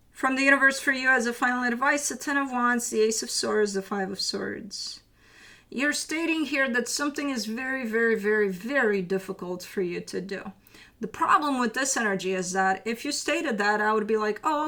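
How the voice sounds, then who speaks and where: A woman's voice: fairly high pitch, bright, forceful tone, a little hiss or hum. A woman giving a casual tarot reading, chatty and loose, swearing now and then and slipping into teasing asides. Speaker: tarot reader.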